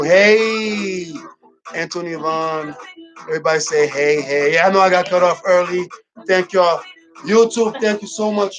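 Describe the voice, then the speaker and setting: Chatty radio host over music. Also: male voice, high voice, poor audio. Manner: loose, chatty, talking to the live audience. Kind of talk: live-streamed radio talk. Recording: music playing under the voice.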